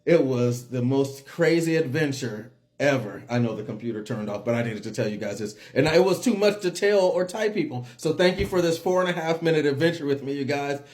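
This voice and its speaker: A man vlogging at home, telling a story to his camera in a casual, animated way, with quick repeats and bursts of laughter. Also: a little high. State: drowsy and dizzy.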